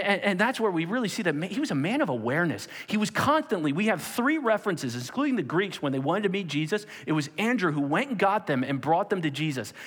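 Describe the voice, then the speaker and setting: A man preaching a sermon in an animated way, jumping into sudden high-pitched bursts when he acts out quotes. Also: breathy edge. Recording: long hall reverb.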